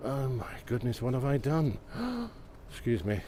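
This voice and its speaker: A man's voice: mid-range voice, normal speed. A man live-streaming a walk outdoors on a snowy, windy night, chatting to viewers and exclaiming at the sights, recorded on a phone mounted on a gimbal. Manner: exclamatory, gently enthusiastic, often asks viewers questions. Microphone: iPhone on a gimbal.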